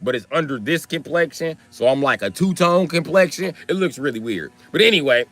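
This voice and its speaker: A man's voice: fairly high pitch, expressive, brisk. A young man from Wisconsin with a Wisconsin accent, telling a profane story on a livestream and acting out every quote. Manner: profane, swings into loud acted quotes. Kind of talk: animated storytelling.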